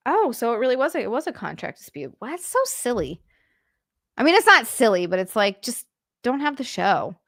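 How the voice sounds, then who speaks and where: A woman's voice: fairly high pitch, big pitch swings, a little fast, a bit bright, no room sound, studio quality. A young adult woman streaming from home, reading viewer comments aloud and chatting back casually with frequent swearing and sympathetic frustration. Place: home room, on a couch.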